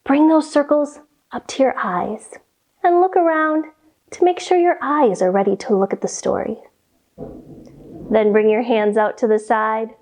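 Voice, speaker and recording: A woman with a slightly high, darkish voice takes her time as she leads a yoga lesson for kids. She keeps it playful and sing-song, adding animal sounds and a nursery rhyme.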